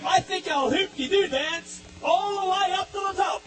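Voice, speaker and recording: A man on stage at a children's concert, exuberantly shouting greetings to the crowd. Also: very high voice, normal speed, background noise. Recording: distant live hall with music.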